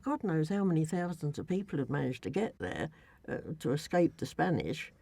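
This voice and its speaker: A woman's voice: sits low, big pitch swings, normal speed, gravelly, warm tone, no echo. A woman in a casual chat, recounting her travels in a rambling way with many restarts.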